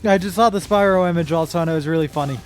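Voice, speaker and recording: A woman's voice: lowish voice, rapid-fire, soft background music. A woman streamer chatting casually with her viewers while gaming, rambling and emotional, with sudden frustrated outbursts.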